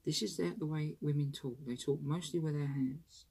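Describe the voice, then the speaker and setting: A woman's voice: low voice, fairly even intonation, moderate pace, dark tone, slightly rough. A woman who talks in a chatty, rambling way, with restarts and a self-conscious tone, in a candid personal vlog. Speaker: vlogger.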